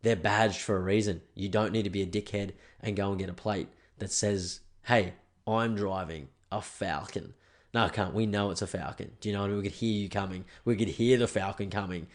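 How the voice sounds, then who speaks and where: A man's voice: lowish voice, steady tone, fairly quick. A young Australian man hosting a podcast alone, ranting casually and swearing. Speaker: podcast host. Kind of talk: solo podcast rant.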